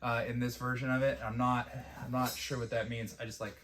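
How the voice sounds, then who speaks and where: A man's voice: medium pitch, level tone, a little fast, a bit bright. Rambling, profane man reviewing a series. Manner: rambling and profane, with mocking quoted impressions. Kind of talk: casual TV review.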